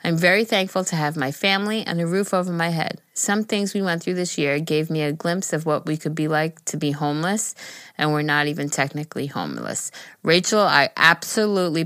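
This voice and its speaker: A young woman co-hosting a casual podcast, reading listener emails aloud, emotional and quick to laugh. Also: low-pitched, fairly bright tone, dry recording, studio quality. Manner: emotional, laughs easily, gushing. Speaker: podcast co-host.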